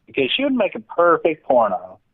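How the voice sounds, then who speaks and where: A man's voice: on the high side, huge pitch swings, fairly quick, vocal fry, husky. A man calling into a show and mocking the host in a trolling manner. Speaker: caller. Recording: tinny phone line.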